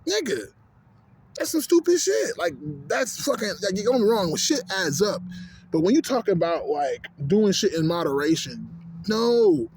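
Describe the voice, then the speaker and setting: This young Canadian man in his twenties speaks at normal speed with a high-pitched, darkish voice that swings widely in pitch, over a faint hiss or hum. As a vlogger, he rants casually, swearing, wandering off topic, and leaning on fillers such as "you know what I'm saying."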